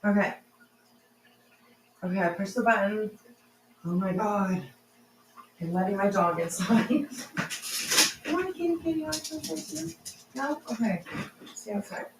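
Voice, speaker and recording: A woman's voice: medium pitch, unhurried, long pauses, a little hiss or hum. A woman hosting a casual livestream from home, emotional and teary, sniffling and rambling with lots of fillers. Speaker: livestream host.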